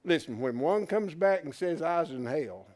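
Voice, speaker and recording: A man teaching a Bible class, animated, who keeps asking rhetorical questions and restarting his words as he thinks aloud. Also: fairly high pitch, normal speed.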